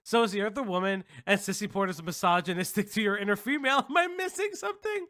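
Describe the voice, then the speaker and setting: High, bright, animated commentary host. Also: male voice, moderate pace, clear, resonant tone. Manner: incredulous, mocking, bursts of laughter. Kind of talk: live reaction commentary.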